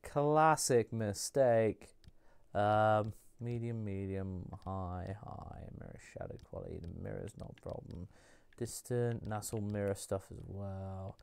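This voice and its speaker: A man's voice: sits low, fairly even intonation, measured pace, vocal fry, a little mellow, smooth, no room sound. A man streaming a video game, chatting and joking casually with his viewers. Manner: joking, chatty, mutters to himself. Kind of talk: casual gameplay commentary.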